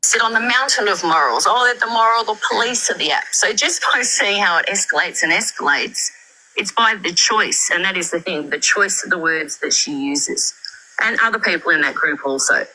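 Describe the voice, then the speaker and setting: A woman commenting critically on a live stream, building her points slowly with repetition and fillers. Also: mid-range voice, lively intonation, sharp tone, slight background noise, low-quality recording. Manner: measured, repeats points, many fillers.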